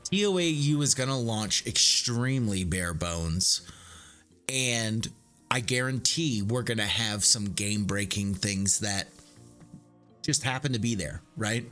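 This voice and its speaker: Over soft background music, a man with a fairly low, expressive voice streams a game live, speaking at a measured pace in a pushed, bright tone. He keeps it loose, chatting casually with his viewers and swearing freely.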